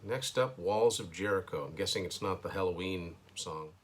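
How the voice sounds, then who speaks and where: A man's voice: low-pitched, moderate pace. A man hosting his own show, casually thinking aloud through a first listen of an album, hesitant and with dry asides, at home indoors. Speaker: host.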